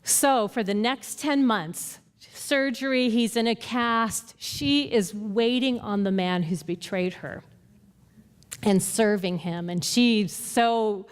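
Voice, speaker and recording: A woman's voice: on the high side, slow pace, clear, resonant tone, long reverb tail. A woman leading a Bible study, earnestly teaching and retelling stories with quoted dialogue. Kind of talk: conversational teaching and storytelling.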